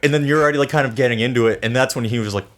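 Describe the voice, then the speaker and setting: A young man co-hosting a podcast, telling a story in casual chat with lots of laughing. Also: very fast. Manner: lively, laughing storytelling with big pitch jumps. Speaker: podcast co-host.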